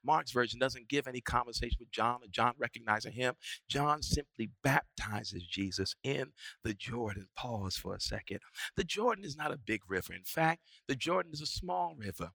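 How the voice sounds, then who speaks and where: A male pastor preaching a sermon, moving from quiet teaching to shouted, rising preaching and back down to near-whispers. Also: mid-range voice, expressive, moderate pace, creaky, dry recording.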